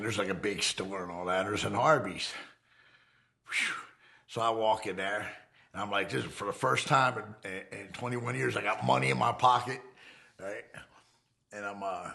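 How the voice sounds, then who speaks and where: A middle-aged man telling his own story in a casual, animated and profane way, acting out the people in it. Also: on the low side, normal speed, vocal fry. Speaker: interviewee.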